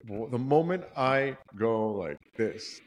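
A man's voice: mid-range voice, lively intonation, slow pace. A man chats as a podcast co-host, his mid-range voice pointed and emphatic as he drives his views home. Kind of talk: casual chat.

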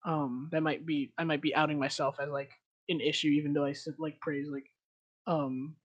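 A man's voice: fairly high pitch, little pitch movement, moderate pace, lo-fi sound. A young American man with a slight Hispanic accent, co-hosting a podcast in rambling casual chat full of likes and ums. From United States. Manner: rambling, laughs often, many likes and ums. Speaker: podcast co-host.

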